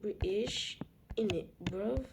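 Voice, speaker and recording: A woman's voice: medium pitch, slow pace, vocal fry. A woman putting on a chummy, slangy British bloke who loves his tea. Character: cheeky stereotyped British bloke, tea-loving. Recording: loud background noise.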